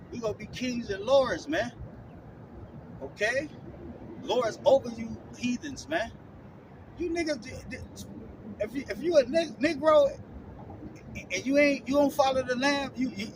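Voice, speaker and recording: A man preaching bluntly and profanely, tagging nearly every phrase with "man" or "all right?". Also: very high voice. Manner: scolding, blunt, profane street talk. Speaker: street preacher teaching scripture. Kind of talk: confrontational online sermon. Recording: distant mic with clear outdoor traffic noise.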